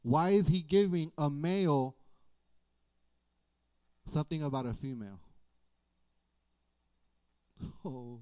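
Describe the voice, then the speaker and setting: A man preaching a sermon as pastor, in a folksy, animated way with playful asides. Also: on the high side, moderate pace, long pauses, clear, resonant tone. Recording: dull lo-fi church audio.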